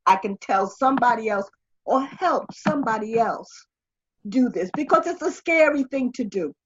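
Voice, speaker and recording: An older woman talking as an interview guest, with a husky, strained voice and a rambling way of talking full of restarts. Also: a little high, lively intonation, moderate pace, highs cut off, slight background noise. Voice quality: husky, strained voice after throat surgery. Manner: rambling, with many restarts and fillers. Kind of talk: conversational interview.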